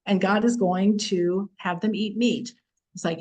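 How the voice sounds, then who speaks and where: A middle-aged woman teaching a casual Torah class, chatty and expressive, acting out the verses with humor. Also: mid-range voice, measured pace, rough recording.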